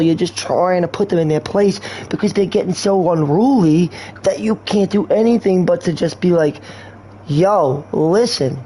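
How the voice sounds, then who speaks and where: Slangy high-voiced male streamer. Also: warm tone. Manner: slangy, rambling, erratic. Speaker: game streamer. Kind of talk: rambling casual stream talk.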